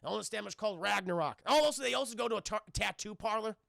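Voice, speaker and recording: A man casually recapping a film for his stream chat, animated and swearing freely as he addresses the chat. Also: high-pitched, quick pace, gravelly, no echo, studio quality.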